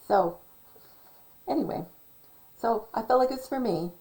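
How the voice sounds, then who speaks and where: A woman's voice: fairly high pitch, animated, measured pace, long pauses, darkish tone, poor audio. Rambling woman vlogger thinking aloud. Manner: many fillers and restarts, musing. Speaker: channel host. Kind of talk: casual vlog commentary.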